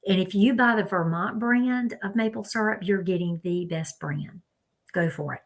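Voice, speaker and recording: A woman's voice: medium pitch, moderate pace. Chatty Southern woman giving diet tips. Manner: chatty, direct, talks to viewers as "y'all". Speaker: health vlogger. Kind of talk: casual advice talk.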